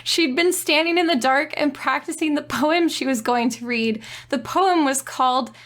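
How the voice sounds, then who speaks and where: A woman giving comedic commentary, reading passages aloud with dry, deadpan humor. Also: high voice, moderate pace. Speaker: video essayist.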